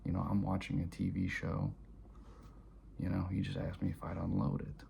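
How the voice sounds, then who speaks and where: Male vlogger, dark mellow tone with a little hiss behind, quiet, half-whispered delivery. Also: sits low, sing-song, normal speed, gravelly. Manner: soft-spoken, often dropping to a near-whisper. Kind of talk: personal storytelling to camera.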